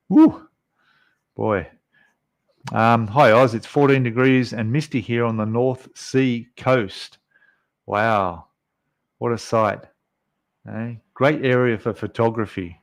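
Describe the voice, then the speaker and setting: A middle-aged man hosting a casual live stream, chatting in a rambling way and reading out viewer comments with many fillers. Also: mid-range voice. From Australia.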